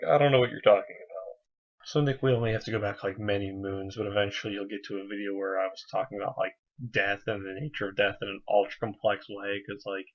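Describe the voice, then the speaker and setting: A young man talking to camera in a casual video diary, earnest and rambling, with lots of fillers. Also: on the low side. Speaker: vlogger. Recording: slightly dull lo-fi sound.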